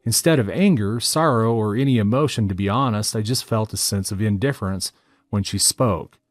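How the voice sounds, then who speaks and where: A man reading out a first-person story as a narrator, in a steady, matter-of-fact way. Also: fairly low pitch, normal speed, dry recording.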